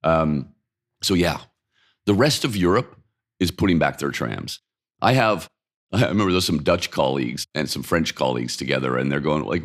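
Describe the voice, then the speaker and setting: Very low-voiced man in his fifties from Denmark, opinionated and animated, interview guest at home. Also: moderate pace. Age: 50s. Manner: opinionated, animated, with rhetorical questions and laughs. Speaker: interview guest, urban mobility expert. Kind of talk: casual conversational interview. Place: apartment by a busy street.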